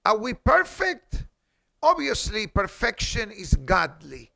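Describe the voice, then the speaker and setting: A man's voice: sits high, huge pitch swings, slow pace, creaky, bright, forceful tone. A man giving a class as a rabbi in a synagogue, teaching in an emphatic way, quoting Hebrew and asking rhetorical questions. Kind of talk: halakha class.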